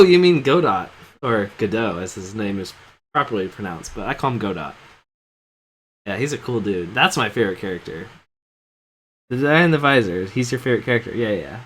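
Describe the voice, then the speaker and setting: A streamer plays and voices a video game with casual let's-play commentary, drifting into rambling, self-deprecating asides over game music. His voice is mid-range, slightly bright and breathy, and the recording is rough.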